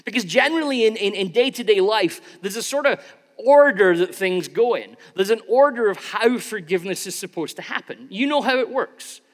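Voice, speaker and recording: A man delivers a sermon in a high, lively-pitched voice. He keeps it conversational, acting out everyday examples along the way. His words carry a long echo through a large church hall. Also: normal speed. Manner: conversational, acts out examples with shifting tone. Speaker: preacher.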